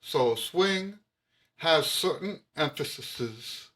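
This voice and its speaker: A man's voice: fairly high pitch, lively intonation, drawn-out words, fairly bright tone. A man teaching jazz trumpet to camera, emphatic, repeating his key points with frequent restarts. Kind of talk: explaining music to camera.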